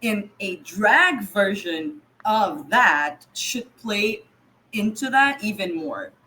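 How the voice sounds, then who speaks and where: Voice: mid-range voice, expressive, takes it slowly, bright, forceful tone, rough recording. A podcast co-host chatting casually about an episode, enthusiastic and full of fillers. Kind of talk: casual recap chat.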